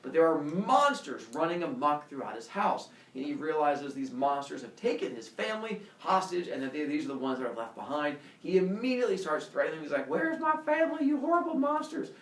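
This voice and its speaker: Playful teacher telling a myth. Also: male voice, on the high side, a little fast, few pauses. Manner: lively, playful, with sound effects. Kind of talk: animated storytelling to a class. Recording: echoey room, mic far off.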